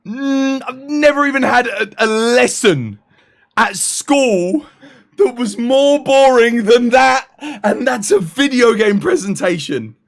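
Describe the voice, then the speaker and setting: A young British man chatting casually on a live stream, animated and laughing in exasperated banter. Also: very high-pitched, slow pace, gravelly. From United Kingdom.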